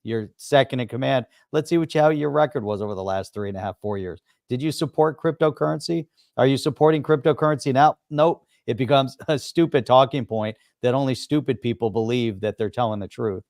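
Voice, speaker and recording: A man co-hosting a livestream, sarcastic and quick to laugh in casual chat. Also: medium pitch, a little mellow, dry recording, studio quality. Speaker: livestream co-host.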